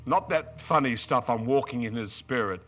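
An older man preaching a storytelling sermon, moving from quiet asides to loud, excited outbursts. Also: medium pitch, moderate pace, faint music behind.

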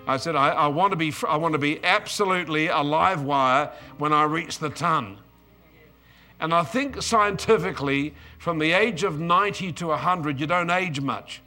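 A man's voice: on the high side, normal speed, pushed and bright, soft background music. A man in his seventies with an Australian accent, preaching an emotional, exuberant sermon with bursts of praise and repeated words.

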